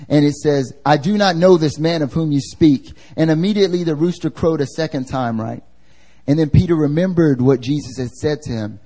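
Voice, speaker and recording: A man's voice: medium pitch, mellow. Casual, slangy man preaching a sermon. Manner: casual and slangy, asks the congregation questions. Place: church service.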